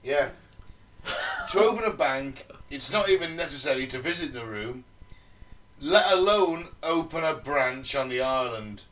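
A man co-hosting a casual chat podcast, reading research notes aloud and breaking off for jokey, sweary asides. His voice sits at a middling pitch and comes across a little distant from the mic. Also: animated, a little slow, a bit bright, a little hiss or hum. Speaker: podcast co-host.

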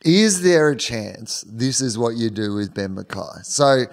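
A man co-hosting a relaxed sports chat who thinks out loud and raises questions as he goes. His voice sits at a medium pitch. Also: unhurried. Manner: musing, questioning, loose. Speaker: podcast co-host. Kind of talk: casual chat.

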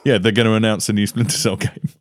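A man's voice: fairly low pitch, level tone, fast talker, dry recording, studio quality. A man co-hosting a casual podcast over an online voice call. He jokes and laughs often. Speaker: podcast co-host.

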